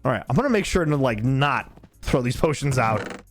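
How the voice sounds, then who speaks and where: A man's voice: mid-range voice, lively intonation, moderate pace, soft background music. A tired man live-streaming a game, chatting casually, swearing freely and laughing often. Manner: laid-back, swears a lot, laughs often.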